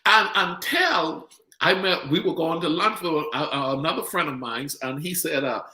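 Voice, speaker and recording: A middle-aged man from the Bahamas with a Bahamian accent, hosting a casual podcast chat as an animated storyteller who repeats words for emphasis. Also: on the high side, moderate pace, echoey room, rough recording. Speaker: podcast host.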